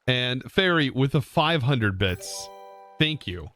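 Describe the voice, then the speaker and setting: Excitable young man streaming a game. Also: medium pitch, slow, soft background music. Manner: excitable, exclaiming, thanks viewers. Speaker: livestream host. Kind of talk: live gameplay streaming.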